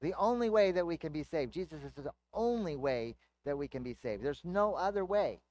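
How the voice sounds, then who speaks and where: A man preaching with a somewhat high voice, talking through his points in a plain, conversational way and posing questions to his listeners. The sound is dry and close. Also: lively intonation, normal speed, a little mellow, dry recording. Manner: conversational teaching with rhetorical questions. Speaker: pastor. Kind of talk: sermon.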